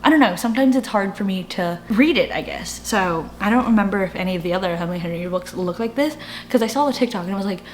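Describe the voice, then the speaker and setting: A woman's voice: mid-range voice, lively intonation, fast talker. Young woman book vlogger, casual and rambling, self-deprecating, filler-heavy, faint hum in the background. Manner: rambling, self-mocking, lots of fillers and restarts. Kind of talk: casual reading vlog chat.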